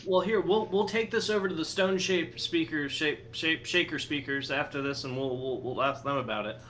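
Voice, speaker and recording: A man's voice: a little high, moderate pace, a bit bright. A man playing a tabletop game character, blunt, joking and rambly. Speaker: player. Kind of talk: casual tabletop role-play.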